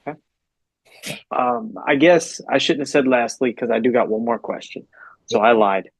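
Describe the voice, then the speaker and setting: A man's voice: mid-range voice, normal speed, vocal fry, slightly rough, no room sound, poor audio. A man hosting a podcast, asking interview questions in a hesitant way with many ums. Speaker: podcast host.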